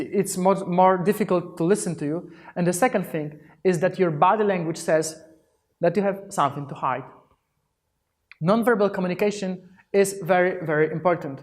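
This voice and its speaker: A man giving a workshop talk on presentation skills, with phrasing, frequent restarts and lively acted-out examples. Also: sits high. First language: Polish. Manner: demonstrative, acts out example greetings; non-native phrasing with restarts. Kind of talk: live workshop talk on body language.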